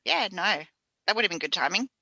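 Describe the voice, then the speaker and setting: A woman's voice: mid-range voice, animated, a little fast, creaky, sharp tone, dry recording, dull audio. A woman hosting a casual conversation, telling her own ghost stories in a chatty, laughing way. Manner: chatty, laughing, matter-of-fact storyteller. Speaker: podcast host. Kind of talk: casual chat.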